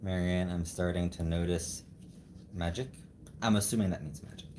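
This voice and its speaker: A man's voice: low voice, fairly even intonation, normal speed, warm tone, reverberant. A middle-aged American man coaching his wife through a build step by step, teasing her in casual livestream chat. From United States. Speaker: husband and co-host. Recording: noisy home livestream.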